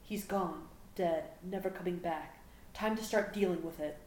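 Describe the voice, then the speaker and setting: A woman voicing a proud, scornful alien prince, a grown man, speaking in a low, clipped, contemptuous growl as she reads a story aloud. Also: normal speed, a little mellow, close to an everyday voice. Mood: cold contempt. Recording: echoey room with faint background hum.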